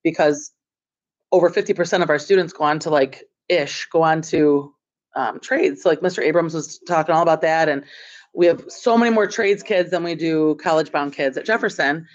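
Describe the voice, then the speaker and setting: A woman school administrator telling the school board a story in a chatty, excitable way, filling her talk with "like". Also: low voice, a little fast. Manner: chatty and excitable, heavy use of "like". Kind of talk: storytelling report at a board meeting. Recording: dull, muffled meeting audio.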